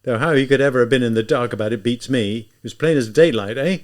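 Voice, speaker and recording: A man's voice: medium pitch, fast talker, lightly acted. A man reading aloud, voicing a feverish, mocking young man who taunts and teases in an audiobook. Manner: teasing, taunting, sly. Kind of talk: audiobook character voice.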